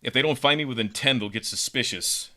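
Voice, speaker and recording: A man's voice: mid-range voice, brisk, sharp tone, natural voice. A man voicing an earnest young male soldier who defects, in a plain, matter-of-fact retelling. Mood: brisk.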